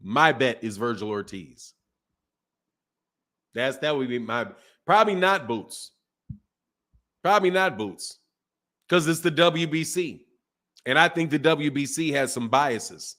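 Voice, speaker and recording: A man's voice: medium pitch, lively intonation, a little slow, long pauses, pushed and bright. A man hosting a boxing channel, casually chatting on a live stream and reading viewer comments, repeating phrases as he goes.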